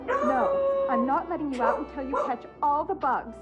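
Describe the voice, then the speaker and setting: An imperious fashion designer in a mystery game, curt and commanding. Her voice is high and very animated, and the game audio sounds slightly dull. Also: normal speed, music in the background. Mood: bossy.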